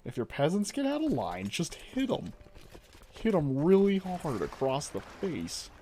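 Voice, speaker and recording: Man doing deadpan smug lecturer, mock advice, faint music under. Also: a little high, moderate pace, voice pushed up. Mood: mock-serious.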